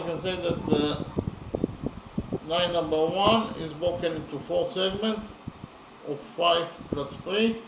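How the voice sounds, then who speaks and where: A man giving a lesson on poetry in a slow, deliberate way, counting syllables aloud, with frequent fillers. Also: fairly high pitch. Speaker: lecturer on poetry. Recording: echoey room with audible background noise.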